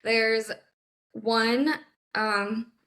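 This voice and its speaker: A woman tarot reader, a podcast guest, talking in a relaxed, easygoing way over a video call. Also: a little high, extremely slow. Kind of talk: casual chat.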